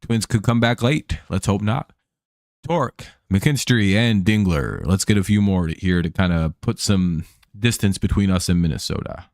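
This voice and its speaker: A man's voice: low-pitched, moderate pace, a little mellow, dry recording. A man hosting a baseball watch-along stream, chatting casually and joking with plenty of swearing, recorded on a close, dry mic. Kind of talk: casual live-stream game commentary.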